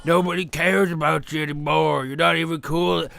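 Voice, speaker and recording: A man's voice: fairly high pitch, fairly even intonation, normal speed, vocal fry, fairly bright tone. A man voicing an ancient, weary evil spook who groans profane, self-pitying complaints over video game play. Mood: weary disgust. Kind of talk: in-character commentary over video games.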